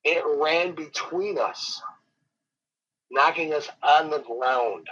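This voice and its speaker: Rambling storyteller, man with a husky, slightly high voice, dull lo-fi interview audio. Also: a bit bright. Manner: rambling, dramatic, slows down for suspense. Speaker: professional wrestler guest. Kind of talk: animated storytelling.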